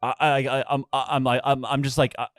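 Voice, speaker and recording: A man's voice: mid-range voice, little pitch movement, quick pace, no room sound, clean studio sound. A man telling a long story in casual podcast chat, with lots of stammered restarts and swearing. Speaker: podcast co-host.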